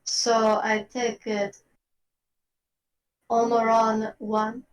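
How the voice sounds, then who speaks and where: A woman voicing a wounded, proud male creature hunter who speaks through a voice changer. He talks slowly and fusses over others. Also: fairly high pitch, monotone, lo-fi sound. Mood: subdued. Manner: slow, dazed, fussing over others.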